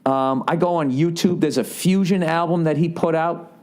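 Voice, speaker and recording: A man's voice: fairly high pitch, normal speed, darkish tone. A man in his forties with a Boston accent, telling a long rambling story on his podcast in a casual, profane way and acting out the quotes. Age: 40s. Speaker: comedian and podcast host.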